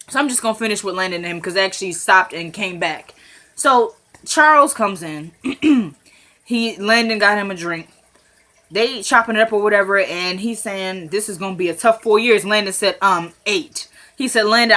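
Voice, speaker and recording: A woman casually recapping a TV drama episode, retelling scenes as quick paraphrased dialogue and chatting to viewers as "y'all.". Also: medium pitch. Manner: addresses viewers as "y'all", rising into animated commentary.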